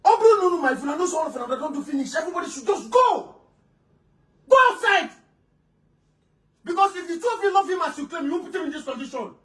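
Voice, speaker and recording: A woman playing an exasperated female relative who scolds two quarrelling wives, shouting and stammering repeats. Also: sits high, racing, few pauses, natural voice. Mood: scolding. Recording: roomy room, voice from a distance.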